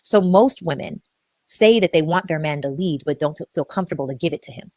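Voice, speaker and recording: Brief: woman, lowish voice, calm explainer, dry close sound. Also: a little fast, no room sound. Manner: calm and explanatory, acts out example quotes. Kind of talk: explanatory discussion.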